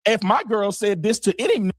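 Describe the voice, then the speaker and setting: A man's voice: high voice, very animated, brisk, no room sound. A man on an online panel, making his case insistently and cutting in to argue. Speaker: panel guest. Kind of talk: heated argument.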